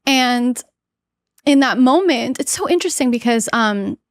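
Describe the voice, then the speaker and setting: Woman, podcast guest, earnest personal storytelling, halting with restarts, fairly high voice, dry close sound. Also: animated, no room sound.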